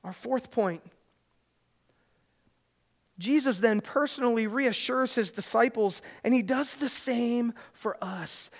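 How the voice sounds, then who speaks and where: During a service, a preacher hammers home his message, repeating important lines and swelling into loud fervor whenever he hits a high point.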